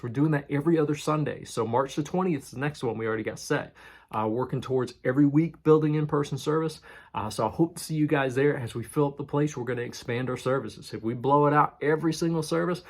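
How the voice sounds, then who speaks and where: Husky guy pastor, chatty sermon, keeps repeating stuff to hit the point. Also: mid-range voice, fast. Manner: conversational, emphatic with repetition. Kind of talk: casual teaching sermon. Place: church in New York City.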